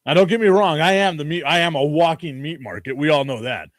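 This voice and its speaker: A man's voice: fairly high pitch, a little fast, no echo, clean studio sound. Joking male sports talk host. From Chicago. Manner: joking, rambling, laughs often. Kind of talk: casual sports talk stream.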